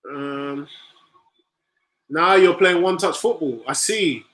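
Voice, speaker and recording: A man hosts a live football watch-along, talking over the match and answering viewer comments. His voice sits a little high and sounds bright and forceful, and he shouts at the players when the play gets tense. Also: slow pace, rough recording. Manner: animated, reacts loudly to play, reads viewer comments aloud.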